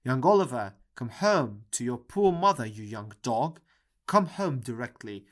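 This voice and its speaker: A menacing grown man barks and jeers at top volume, as a male reader puts him on. His voice is loud, gruff and mocking. It belongs to a classic storybook read aloud. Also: mid-range voice, sing-song, measured pace.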